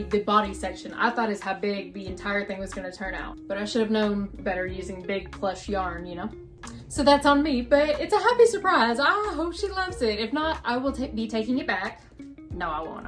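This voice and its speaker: Gushing young woman vlogger, faint music. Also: medium pitch. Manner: excitable, gushing, chatty with frequent exclamations. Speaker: crochet vlogger. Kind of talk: casual vlog chat.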